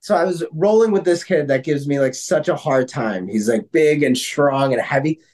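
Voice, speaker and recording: A man co-hosting a casual podcast, telling stories in an animated way with lots of fillers and some swearing. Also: on the high side, moderate pace. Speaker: podcast co-host. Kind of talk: casual chat.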